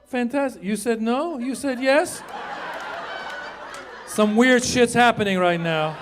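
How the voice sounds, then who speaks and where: A middle-aged man doing a stand-up comedy set on a theater stage, telling animated stories, acting out voices and chatting with the crowd. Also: very high-pitched, takes it slowly, background noise. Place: theater stage before a live audience. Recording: live room with audience laughter.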